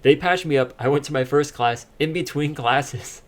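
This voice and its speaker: A man's voice: on the high side, normal speed. A young man, a podcast co-host, telling a personal story in casual chat, laughing often as he talks.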